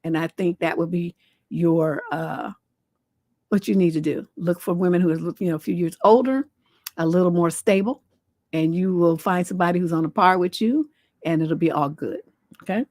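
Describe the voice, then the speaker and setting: A woman's voice: lowish voice, moderate pace, darkish tone, no echo. Lady relationship coach going off, blunt and salty, dry close sound. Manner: blunt, scolding, salty, rhetorical questions. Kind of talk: livestream advice show, reading letters.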